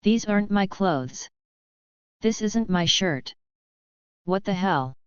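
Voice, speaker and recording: A woman's voice: mid-range voice, lively intonation, slow, clean tone, no echo, lo-fi sound. A woman reading a hot-headed young guy. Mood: panicked. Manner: loud, demanding.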